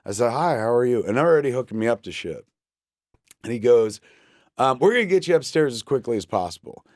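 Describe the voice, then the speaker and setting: Animated storytelling man, dry close sound. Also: mid-range voice, fast, dry recording. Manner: animated, acts out every quoted person. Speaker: guest. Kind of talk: comic storytelling in a chat.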